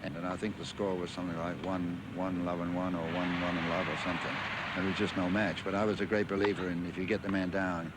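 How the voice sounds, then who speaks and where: Older English man, very low voice, rambling anecdotes, audible background noise. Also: flat delivery, fast, hardly any pauses. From England. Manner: rambling anecdotes with many fillers and restarts. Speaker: former tennis champion. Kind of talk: interview reminiscence. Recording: archive interview with clear background noise.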